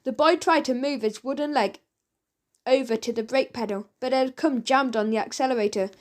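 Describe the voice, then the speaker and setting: A woman reads a children's audiobook aloud, lively and expressive, with a high voice. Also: fairly quick. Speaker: audiobook narrator.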